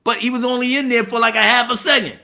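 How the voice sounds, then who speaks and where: A man retells a film scene by scene in a loud, mocking, profane review. His voice sits very high and carries a gravelly fry. The tone is bright and sharp. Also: fast talker. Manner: animated, mocking, profane, bursts into laughter and mimicry. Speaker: movie reviewer. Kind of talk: casual spoken movie review.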